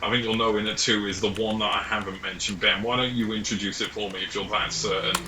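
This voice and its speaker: A man's voice: fairly low pitch, flat delivery, quick pace, heavy background noise. A young Englishman hosting a casual sports chat, enthusiastic and jokey. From England. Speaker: host. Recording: roomy echo.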